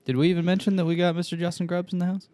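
A man who co-hosts a podcast and runs the sound board, joking deadpan in casual chat and swearing freely. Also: high voice, rapid-fire, dry recording.

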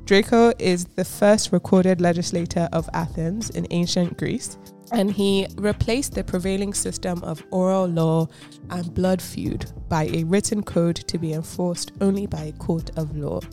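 Woman co-host, lowish voice, casual teasing chat, faint music bed. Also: steady tone, unhurried, mellow. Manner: laughing, teasing, reads notes aloud. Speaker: podcast co-host.

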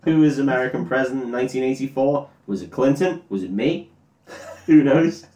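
A man, co-hosting a podcast with jokes, quick laughs and chiming-in banter. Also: medium pitch, mellow. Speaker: podcast co-host. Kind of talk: casual banter. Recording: roomy, distant mic.

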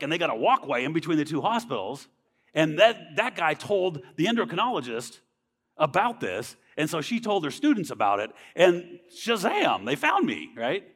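A man's voice: on the high side, very animated, normal speed, fairly bright tone, slightly rough, in a large hall. A man giving a personal faith testimony in a church, talking earnestly and conversationally and often checking in with "right?". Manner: earnest, conversational, frequent tag questions. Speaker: speaker sharing a testimony.

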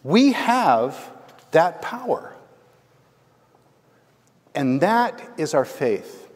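A man's voice: on the high side, drawn-out words, husky. A male pastor preaching a sermon in a conversational storytelling manner, often checking in with the congregation. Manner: conversational, animated, asks the congregation "right?". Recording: long reverb from a large hall.

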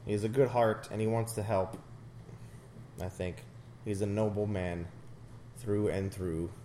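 A man co-hosting a casual movie commentary, talking in a relaxed, chatty way. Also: on the low side, unhurried, slight background noise.

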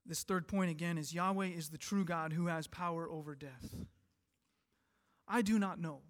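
A man preaching a sermon in a high, earnest voice. He swells to emphatic peaks and then drops soft and quiet. His words ring out with a long reverb through a church sanctuary. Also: normal speed. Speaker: pastor.

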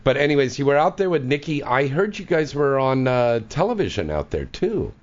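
A man's voice: mid-range voice, big pitch swings, fairly quick. A man hosting a radio talk show, bantering crudely and joking with a caller and co-host. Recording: dull lo-fi radio recording.

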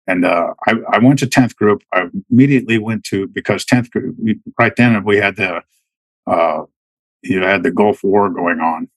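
A man in his fifties, a retired soldier, telling war stories casually in a halting way, with many restarts. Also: on the low side, husky, dry recording, rough recording. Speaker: guest, retired Army Green Beret. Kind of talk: casual storytelling.

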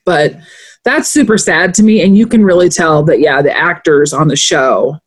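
A woman in casual chat as a podcast co-host, an animated storyteller who acts out quotes as she goes. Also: low voice, moderate pace, slightly rough.

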